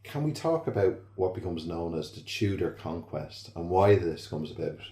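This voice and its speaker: A very deep-voiced man hosts a podcast, asking measured, open questions. His tone is dark and mellow, and the room adds a noticeable echo. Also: very animated. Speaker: podcast host. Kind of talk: interviewer questions. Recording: roomy echo.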